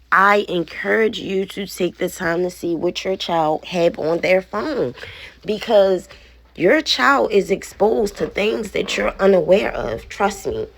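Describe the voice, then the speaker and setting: Slow, low-voiced indignant mother. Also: no echo. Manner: indignant, blunt, swears. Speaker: parent vlogger. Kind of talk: casual vlog, showing a phone.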